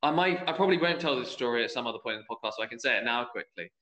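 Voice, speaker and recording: Rapid-fire and expressive, a young man with a mid-range voice tells a youth football refereeing story on a laid-back podcast, acting out each quoted voice. His tone is bright and forceful. The room echoes, and the sound is dull and lo-fi.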